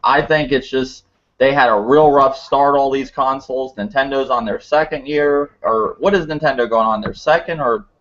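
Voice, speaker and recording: A man's voice: medium pitch, moderate pace, fairly bright tone. A man co-hosting a casual podcast who rambles with many fillers. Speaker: podcast co-host. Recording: muffled lo-fi audio.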